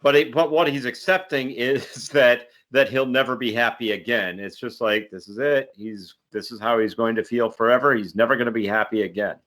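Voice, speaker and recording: A man co-hosting a podcast in casual chat, talking hesitantly with many pauses and trailing off in doubt. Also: medium pitch, steady tone, fairly bright tone. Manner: hesitant, many ums and I-don't-knows. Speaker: podcast co-host.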